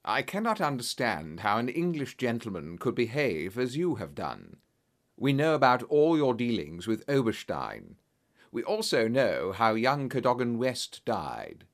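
A man voicing a calm male detective who speaks in a measured, firm way. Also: medium pitch. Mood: accusing.

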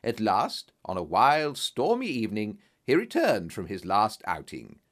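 A man reading a story aloud as narrator, in an expressive, dramatic style. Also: on the low side, a little slow.

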